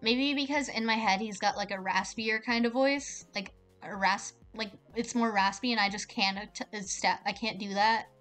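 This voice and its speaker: A woman's voice: medium pitch, steady tone, a bit bright, faint music behind. A woman streamer chatting casually and jokingly while reading a visual novel aloud. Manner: rambling, joking, fast with fillers.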